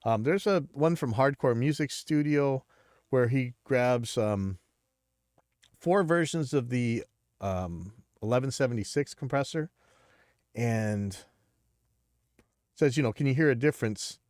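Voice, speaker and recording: A man hosting a casual livestream, talking bluntly and rambling with restarts, a bit stuffy and clearing his throat. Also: mid-range voice, lively intonation, unhurried, long pauses, a little mellow, no room sound, clean studio sound. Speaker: livestream host.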